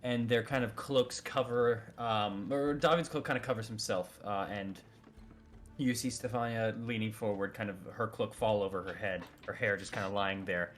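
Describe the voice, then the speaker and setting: A man's voice: lowish voice, steady tone, normal speed. A man narrating as game master in a tabletop game, loose and hedging, full of "kind of".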